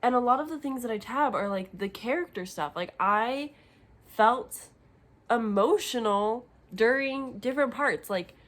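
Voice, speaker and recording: A woman's voice: on the high side, measured pace. A young woman vlogging at home about a book she is reading, rambling and chatty with lots of fillers and openly emotional reactions. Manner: emotionally expressive. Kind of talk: casual reading vlog chat.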